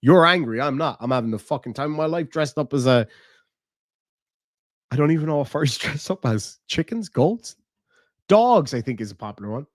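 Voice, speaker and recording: An Irish streamer hosts a live stream and reads his chat, replying bluntly and casually, swearing freely and laughing often. His voice sits on the high side and is expressive, at a normal pace with long pauses, recorded dry with clean studio sound.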